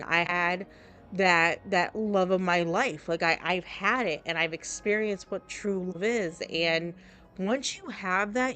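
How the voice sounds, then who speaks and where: A chatty streamer, a woman whose voice sits at an ordinary middle pitch. She talks to her chat in a loose, candid ramble, circling back and restarting her thoughts as she plays. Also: pushed and bright. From New Jersey. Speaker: game streamer. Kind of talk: casual live-stream chat.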